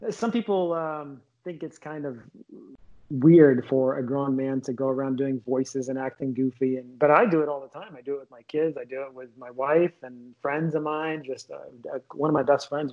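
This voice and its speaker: A man's voice: medium pitch, darkish tone. A man, a comedian, talking casually and enthusiastically in an interview. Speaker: comedian guest. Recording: dull lo-fi sound.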